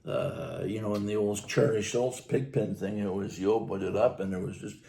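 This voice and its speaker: A man's voice: fairly low pitch, steady tone, normal speed, gravelly, mellow, slight background noise. A man, co-hosting a podcast and telling firehouse stories in a rambling, chuckling way. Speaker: podcast co-host, firefighter telling station stories. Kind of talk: casual storytelling chat.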